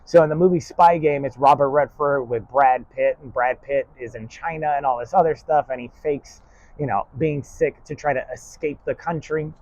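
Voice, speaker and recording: A man's voice: medium pitch, moderate pace, darkish tone, highs cut off. A man giving a rambling spoken lesson in a stern, blunt and profane way. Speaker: lecturer.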